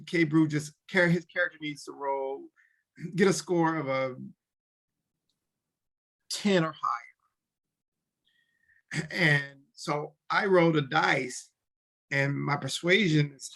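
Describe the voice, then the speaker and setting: A man's voice: a little high, gravelly, fairly bright tone. Casual man explaining game rules. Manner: talks in restarts, acts out short character lines. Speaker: podcast co-host explaining tabletop games.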